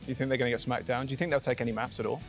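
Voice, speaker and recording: A man with a medium-pitched voice who interviews players. He asks quick, joking questions. His tone stays upbeat and casual. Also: fairly even intonation, soft background music.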